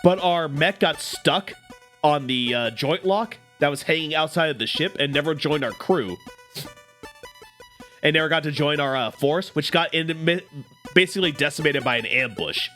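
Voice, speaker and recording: A male streamer reading a visual novel aloud and joking between the lines in an animated, playful way. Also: fairly high pitch, normal speed, faint music behind. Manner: animated, joking, breaks into laughs.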